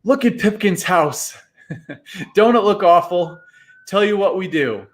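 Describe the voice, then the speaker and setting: A man voicing an excited young boy in a storybook reading, yelling shrilly. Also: high voice, slow, voice pushed up. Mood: eager.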